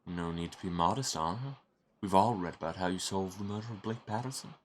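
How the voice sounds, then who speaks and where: A man's voice: deep voice, a little fast, a little hiss or hum, natural voice. Man doing a sneering smug game villain. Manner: sneering, mock-polite. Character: smug, cruel young man taunting a detective.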